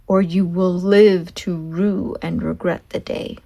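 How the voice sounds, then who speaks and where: A woman's voice: lowish voice, steady tone, takes it slowly, vocal fry, dark tone, lo-fi sound, heavily acted. A woman reading aloud and voicing a stern woman giving firm advice and warnings.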